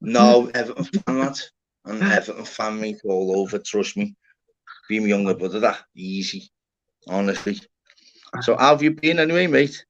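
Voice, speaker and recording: A man's voice: on the low side, moderate pace. Rambling sweary man. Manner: rambling, sweary, lots of "innit" and "lad". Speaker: livestream host. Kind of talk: casual chat. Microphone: live stream panel, online call. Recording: muffled lo-fi stream audio.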